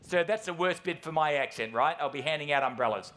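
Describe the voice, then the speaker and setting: Male auctioneer, New Zealand accent, slightly high pitch, rapid rhythmic bid patter. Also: a bit bright. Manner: rapid patter with quips, chanting bid amounts. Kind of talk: live auction calling. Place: auction floor.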